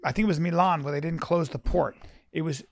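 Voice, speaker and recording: Emphatic, profane man with a high voice. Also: a little fast, creaky. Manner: emphatic, profane, frequent restarts, acts out quotes. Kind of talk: casual chat.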